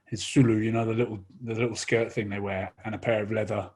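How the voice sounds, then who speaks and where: Speaking in a lowish voice, a rugby-playing Englishman in his thirties spins a long funny story during casual conversation. He's animated and laughs readily.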